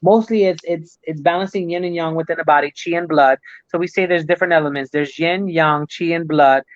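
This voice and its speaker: A man with a somewhat high voice talks casually as a guest on a talk show. He explains ideas at length, circling back and restarting his sentences. The audio is dry and a little dull. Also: fairly even intonation, brisk, no room sound. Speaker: guest, Chinese medicine practitioner.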